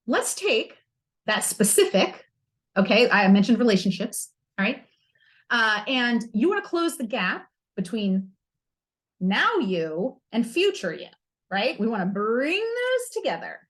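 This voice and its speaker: A woman hosts a podcast in a candid, humorous self-help chat, with playful slang. Her voice sits a little high and swoops up and down with lively energy. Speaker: podcast host.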